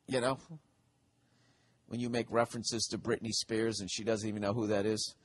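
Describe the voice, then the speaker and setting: A man's voice: lowish voice, level tone, moderate pace. A man in his forties hosting a solo comedic podcast, rambling and profane, often poking fun at himself. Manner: rambling, profane, self-deprecating. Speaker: podcast host.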